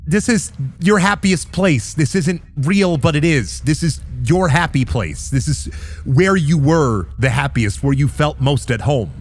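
A man's voice: fairly high pitch, animated, a little slow, pitched above the performer's own voice. A man voicing a weary childlike arbiter in a tabletop game, hesitant, stammering and fed up with its task. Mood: urgent. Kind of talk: tabletop role-play voicing.

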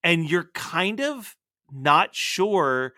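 A man co-hosting a podcast in casual pop culture chat, animated and full of "like" fillers. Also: on the high side, extremely slow, no echo, clean studio sound. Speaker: podcast co-host.

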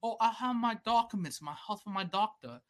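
A man's voice: high-pitched, expressive, a little fast. A man mimicking an entitled, maskless British male customer who is fussy and haughty, with a British accent put on.

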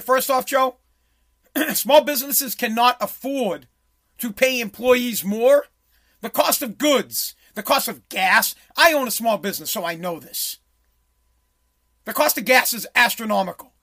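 This man's very high, fairly bright voice carries a sarcastic, profane political rant as he plays video clips. A small business owner and commentator, he speaks bluntly and swears freely.

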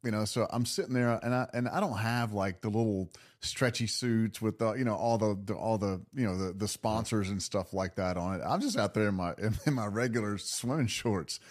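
Lively low-voiced man telling a story. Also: brisk, few pauses. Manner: animated, laughing, lots of restarts and acted self-talk. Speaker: podcast guest, drummer. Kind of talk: casual storytelling interview.

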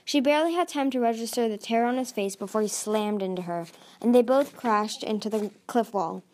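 A woman's voice: fairly high pitch, brisk, darkish tone. A woman reading a dragon fantasy novel aloud as an amateur narrator, with frequent slips and restarts.

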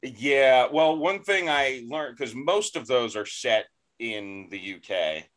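An American man hosting a podcast, chatting casually in a halting way with many restarts. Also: medium pitch, animated, fairly bright tone. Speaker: podcast host. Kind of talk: casual chat.

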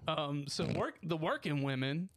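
A man co-hosting a podcast jokes crudely and stresses his words for effect. His voice sits a little higher than most men's. The sound is dry and close to the mic. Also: sing-song, moderate pace, dry recording. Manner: joking, emphatic, crude. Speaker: podcast co-host. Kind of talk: casual chat.

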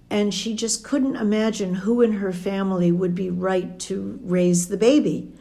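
A woman's voice: medium pitch, warm tone. An older woman telling a personal family story in a conversational way. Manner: conversational, quotes dialogue as she tells it. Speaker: storyteller recounting a family memory.

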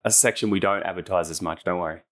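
Easygoing Australian man, low voice. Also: fast talker. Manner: easygoing, laughs readily. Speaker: guest. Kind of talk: casual interview chat.

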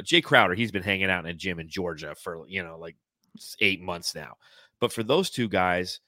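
Deep-voiced man hosting a sports podcast. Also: sharp tone, dry recording. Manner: conversational, rambling sports talk. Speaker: podcast host. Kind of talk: casual sports podcast talk.

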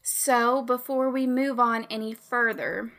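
A woman's voice: fairly high pitch, steady tone, measured pace, fairly bright tone. A woman running a tabletop game podcast, chatty and giggly with lots of fillers. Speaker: game master. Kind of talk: casual podcast chat.

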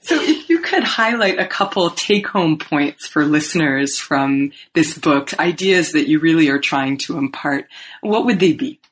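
A woman interviewer asking questions, self-deprecating and quick to laugh. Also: sits low, lively intonation. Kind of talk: podcast interview.

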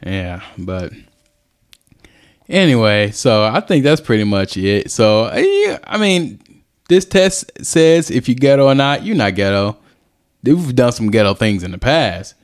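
A man in hosts a relaxed podcast conversation. His voice is lively and swings widely in pitch, leaping high on questions. He talks in a loose, rambling way. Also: clean tone. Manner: loose, rambling, quick jumps in pitch when asking. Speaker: podcast host. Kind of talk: casual chat.

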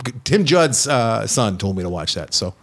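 A man from the United States co-hosting a casual film podcast, animated and teasing, playfully scolding his friend. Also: fairly low pitch, moderate pace. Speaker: podcast co-host, film reviewer. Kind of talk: casual chat.

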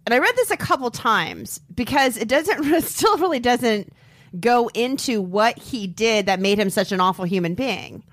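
A woman's voice: a little high, lively intonation, moderate pace, fairly bright tone. Chatty woman co-hosting a podcast. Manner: chatty, laughs often, heavy use of "like". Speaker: podcast co-host. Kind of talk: casual true-crime podcast chat.

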